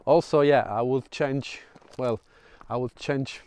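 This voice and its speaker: A man's voice: medium pitch, fairly even intonation, takes it slowly, a little mellow, smooth, no room sound. A man with a Polish accent talking through a casual vlog, hesitant, with many fillers and restarts. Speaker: vlogger. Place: outdoors at sunset.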